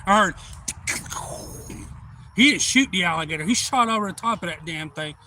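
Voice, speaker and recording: A man, rambling through excitable anecdotes on a casual live stream. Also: high-pitched, quick pace, slight background noise. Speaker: livestream host. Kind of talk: casual storytelling.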